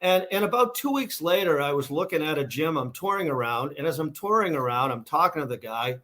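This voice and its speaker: A man's voice: fairly high pitch, animated, brisk, pushed and bright. Boston-accented man telling stories. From Massachusetts, USA. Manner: rambling, many restarts and fillers. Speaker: guest, shoe company founder. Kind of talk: casual interview storytelling.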